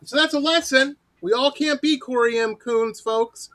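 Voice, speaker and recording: A middle-aged man hosting a show and telling stories in a lively, animated way. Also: very high-pitched, moderate pace, no echo. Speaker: host. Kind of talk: casual storytelling.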